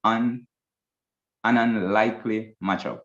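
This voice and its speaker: A man with a fairly low voice co-hosts a casual chat, mostly chiming in with short affirmations. The room sounds echoey, and the recording is a little dull. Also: fairly even intonation, slow pace. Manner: brief affirming interjections.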